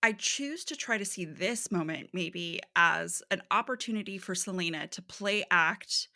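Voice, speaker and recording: Gravelly, bright-toned woman co-host. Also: on the low side. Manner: measured, analytical, with agreeing murmurs. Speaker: podcast co-host. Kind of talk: casual literary discussion.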